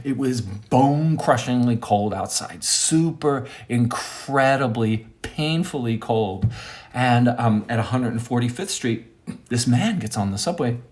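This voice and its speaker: Brief: male monologue host, mid-pitched, rambling and self-interrupting, comic storytelling. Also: expressive, measured pace, a little mellow.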